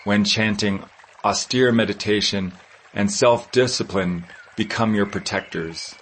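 Slow, low-voiced man reading scripture. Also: fairly bright tone, a little hiss or hum, rough recording. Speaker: scripture reader.

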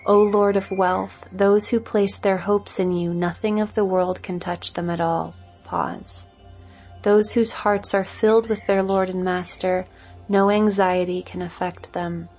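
A woman reads devotional scripture in a slow, measured recitation. Her voice has a gravelly, husky grain, and soft music plays faintly behind her. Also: mid-range voice, flat delivery. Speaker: scripture reader.

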